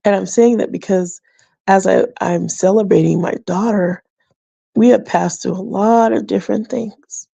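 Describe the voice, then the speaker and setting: A middle-aged woman hosting a faith podcast, talking casually and reflectively with frequent soft laughs. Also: medium pitch, steady tone, normal speed, creaky, breathy edge, dry recording. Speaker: podcast host. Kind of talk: casual personal talk.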